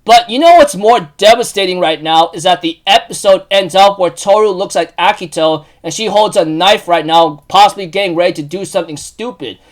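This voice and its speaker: A man's voice: high-pitched, brisk, few pauses. A man recapping an anime episode in a casual, rambling way, with many fillers and restarts and sudden emotional outbursts. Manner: bursts into loud excited outbursts.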